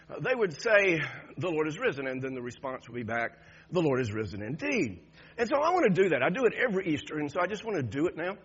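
Husky-voiced preacher, lively and high. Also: male voice. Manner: conversational, repeats words, chuckles often. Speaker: pastor. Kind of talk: sermon. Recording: dull lo-fi sound.

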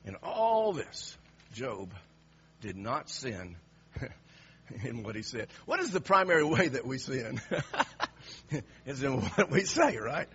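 A man preaching a sermon, dropping to hushed lines and then rising to emphatic, raised passages. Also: medium pitch, very animated, takes it slowly, pauses often, breathy edge, highs cut off.

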